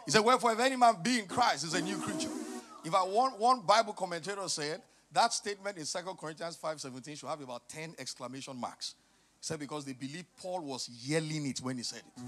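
A middle-aged male pastor preaching a sermon, passionate and emphatic, moving from quiet teaching to loud, shouted emphasis. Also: a little high, fast talker, over music.

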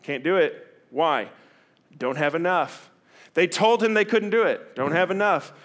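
A man preaching a sermon to a church audience, animated and acting out the reluctant replies of his listeners. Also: on the high side, unhurried. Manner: animated, acts out reluctant voices. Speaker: pastor.

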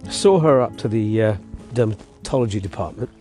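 A man with a relaxed, mellow voice tells a meandering story for his podcast, restarting sentences and breaking off to coax his dog along. He records outdoors on a walk with a portable mic. Faint music plays behind him. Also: fairly low pitch, moderate pace. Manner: rambling, self-interrupting, chatty with his dog. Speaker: podcast host. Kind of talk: casual storytelling monologue.

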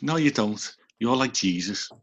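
A man's voice: mid-range voice, animated, measured pace, slightly rough. A man with a Liverpool accent hosting a casual podcast over a video call, teasing and swearing at his friends. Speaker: episode host.

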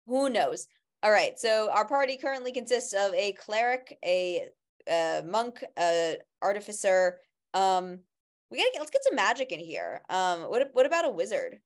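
A woman's voice: medium pitch, sing-song, moderate pace. A woman co-hosting a casual podcast chat, talking in a rambling way with many restarts and fillers. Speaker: podcast co-host.

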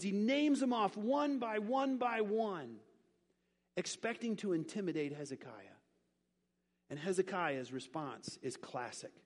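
A male pastor delivers a sermon in a church, drilling short phrases with call-and-response and tossing in light joking asides. His voice sits high, and a long hall reverb trails each line.

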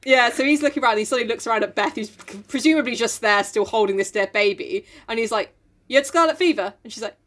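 A woman's voice: a little high, fairly even intonation, quick pace, hardly any pauses, a bit bright. Woman reading aloud and joking. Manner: reads aloud, then jokes and laughs often. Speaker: podcast co-host reading and discussing a novel. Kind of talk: casual book-club chat with read-aloud passages.

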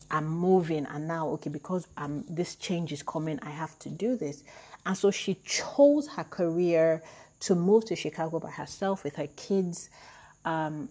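A woman talking in a casual, reflective monologue, chatty and quick to laugh at herself. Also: lowish voice, warm tone, breathy edge.

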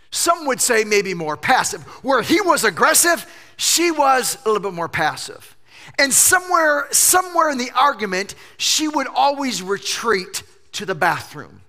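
A male pastor preaching a sermon, telling funny stories in an animated way. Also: high voice, moderate pace. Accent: Southern US. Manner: animated storytelling with jokes.

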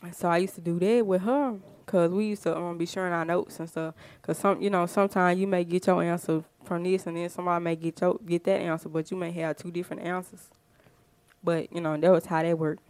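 Woman podcast host, lower-pitched, chatty and rambling, smooth voice, dry close sound. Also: darkish tone, no echo. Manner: chatty, rambling, lots of fillers. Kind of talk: casual storytelling.

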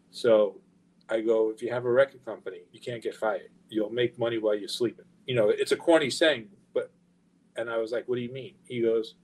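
A middle-aged man tells a personal story in a casual interview. He swears freely and acts out the other people's lines, and his voice sits at a medium pitch. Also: poor audio. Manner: profane, animated anecdote-telling with quoted dialogue. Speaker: guest, record label founder.

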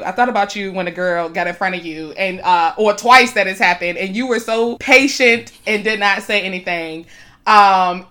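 A young woman co-hosting a podcast, telling a story in casual chat, animated and emphatic, often laughing between phrases. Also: medium pitch. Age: young adult. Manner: animated, emphatic, swings loud when retelling confrontations.

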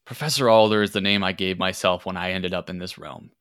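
A fussy, nervous professor stumbles and restarts through formal, overly polite sentences, voiced by a man in a game. The tone is bright and clipped, recorded close and dry. He hesitates constantly and never quite settles. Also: sits low, steady tone, fast, clear, resonant tone, no room sound. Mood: flustered.

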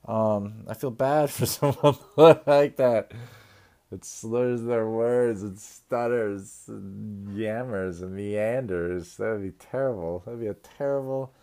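A man hosting a podcast in a crude, rambling comedic rant, swearing constantly and often trailing off into low mumbles. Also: slow, dark tone. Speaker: podcast host.

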